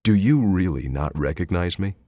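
A man's voice: low voice, expressive, moderate pace, warm tone, dry recording, clean studio sound. A man reading an audiobook, voicing a sardonic male police detective who needles with probing questions. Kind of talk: audiobook character voice.

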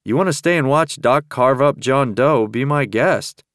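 A man voices a wry male deputy who mutters sarcastic remarks, using a mid-range, fairly bright voice pushed up yet close to his everyday voice. He speaks at a moderate pace, and the recording is clean studio sound with no echo.

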